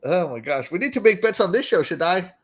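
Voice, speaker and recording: A man hosting a casual gaming podcast, giggly and excitable, laughing through his lines. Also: high-pitched, fairly quick, breathy edge. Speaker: podcast host.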